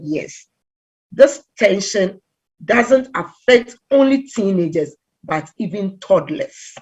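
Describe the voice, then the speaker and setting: A middle-aged woman from Ghana giving a conversational talk on relationships, telling stories with lively acted-out quotes. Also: mid-range voice, slightly rough. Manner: animated storytelling, acts out quoted voices. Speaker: relationship talk guest speaker.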